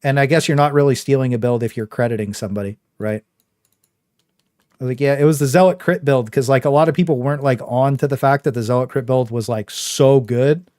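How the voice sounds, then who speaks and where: A man's voice: medium pitch, brisk, darkish tone, no echo, clean studio sound. A young man casually chatting on his game livestream, rambling with lots of fillers and a trolling swagger. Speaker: game streamer.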